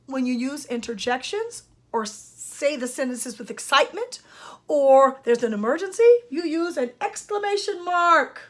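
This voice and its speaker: Older female speech therapist, high voice, emphatic teacherly delivery. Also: animated, normal speed, a bit bright. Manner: emphatic, teacherly, addresses parents and students directly. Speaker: speech-language pathologist. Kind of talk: instructional lesson talk.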